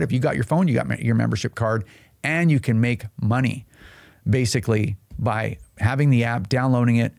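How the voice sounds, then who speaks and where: A man who leads an advocacy group, explaining a member program in a casual, conversational way and acting out quick little exchanges. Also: medium pitch, gravelly, darkish tone, dry recording, clean studio sound.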